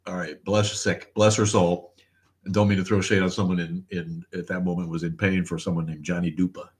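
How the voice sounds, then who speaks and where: A man's voice: low-pitched, little pitch movement, fairly quick. Laughing, swearing man hosting a livestream. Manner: loud laughing storyteller, swears freely. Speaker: podcast host. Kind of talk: casual livestream chat.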